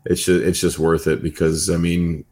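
A man co-hosting a podcast in casual chat, rambling with halting starts and fillers. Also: low-pitched, little pitch movement, darkish tone. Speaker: podcast co-host.

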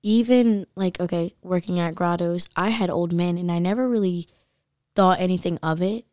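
Young woman rambling thru a story, lots of "like", lowish voice, dry close mic. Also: normal speed, no echo. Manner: animated storytelling, acts out voices, says "like" constantly. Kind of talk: casual chat.

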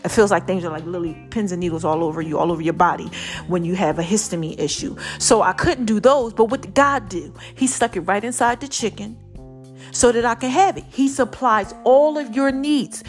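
With soft music in the background, a woman speaks to her viewers about her faith in an animated, medium-pitched voice at a moderate pace. Emotion tightens her throat a little, and she stresses her points by repeating them passionately.

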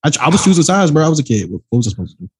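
A man co-hosting a podcast in casual chat, animated and slangy, laughing often. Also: on the high side, racing, slightly rough. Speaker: podcast co-host.

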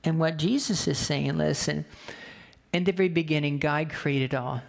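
A man's voice: on the high side, normal speed, vocal fry. A man preaching a sermon through a personal story, talking casually and animatedly, often asking his listeners "right?". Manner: conversational, animated, with frequent rhetorical "right?". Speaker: pastor.

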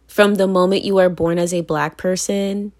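A woman's voice: on the low side, fairly even intonation, moderate pace, darkish tone. A woman from Virginia talking straight to camera in a blunt, profane monologue, repeating phrases for emphasis and laughing between points. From Virginia, United States. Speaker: vlogger.

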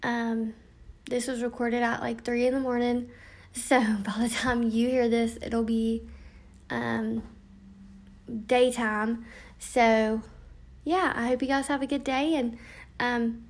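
A woman's voice: fairly high pitch, flat delivery, slow pace, long pauses. A young woman hosting a podcast, chatting casually with lots of ums, tired and yawning late at night. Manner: chatty, frequent ums, reading from notes. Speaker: podcast host. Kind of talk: casual podcast intro monologue.

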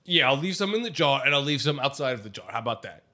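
A man's voice: mid-range voice, animated, fast talker, bright, forceful tone. A man with a put-on Italian-American accent, performing a pushy, insistent salesman in an improvised comedy sketch and repeating himself often.

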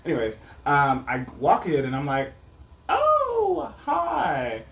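A man's voice: medium pitch, moderate pace, fairly bright tone. A man hosting a podcast, telling a long casual story in a rambling way, full of "like" and "or whatever.". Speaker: podcast host. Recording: distant mic with faint room noise.

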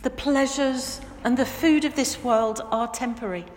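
A woman pastor preaching a sermon in a church, earnest and emphatic, slowing down to stress key words. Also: on the high side, fairly even intonation, darkish tone. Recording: echoey church with long reverb.

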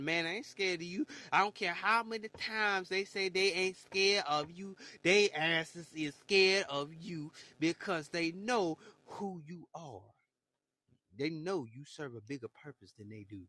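Preachy man with a bright voice. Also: high voice, dry recording, poor audio. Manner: preachy, exclaims "Lord have mercy". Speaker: podcast host. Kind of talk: preachy motivational monologue.

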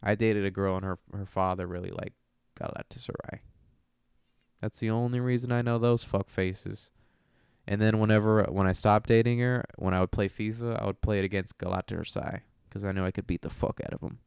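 Foul-mouthed young male host riffing on match results; smooth, resonant low voice. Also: steady tone, brisk, darkish tone, no room sound, studio quality. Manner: profane, brash and joking. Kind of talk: casual sports commentary monologue.

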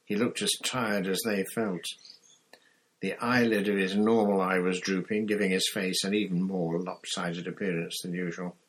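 A man narrating a novel aloud in steady, scripted storytelling. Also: low-pitched, moderate pace, breathy edge, low-quality recording. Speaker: audiobook narrator.

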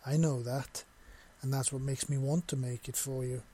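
Husky soft affectionate young guy, read by a man, steady flat tone. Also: medium pitch, moderate pace, close to an everyday voice. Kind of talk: audio story reading.

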